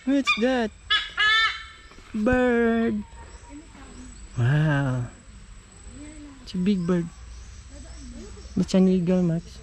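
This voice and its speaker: A woman's voice: lowish voice, sing-song, slow, long pauses, background noise. Sing-song woman coaxing a baby outdoors. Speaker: parent showing a baby around. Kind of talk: casual baby talk. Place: outdoor nature park.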